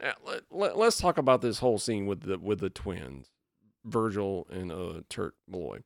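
A man co-hosting a casual chat about a movie, his pitch swinging widely as he acts out scenes. The sound is close and dry, with no room around it. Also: moderate pace, creaky, no echo. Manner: animated, acts out quotes in a raised voice. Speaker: podcast co-host.

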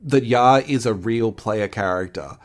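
A man's voice: fairly low pitch, unhurried. A man co-hosting a podcast in casual chat, with dry, wry remarks. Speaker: podcast co-host.

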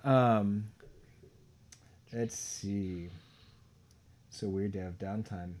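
A man's voice: on the low side, steady tone, drawn-out words, darkish tone, slight background noise. A man co-hosting a casual Bible study conversation, easygoing, who reads passages aloud with emphasis. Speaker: podcast co-host reading scripture.

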